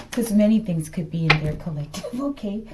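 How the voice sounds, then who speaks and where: A woman's voice: medium pitch, expressive, heavy background noise. A woman with a slight lisp, reading tarot cards for her viewers in a casual, speculative way and often addressing them with "collective" and "okay?". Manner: slow, drops to whispers at times. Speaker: tarot reader.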